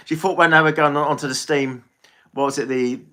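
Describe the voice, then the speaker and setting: English man, rambling live-stream chat, bright forceful tone, swears a lot. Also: on the high side, steady tone, normal speed. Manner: rambling, chatty, swears freely. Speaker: tarot reader and livestreamer.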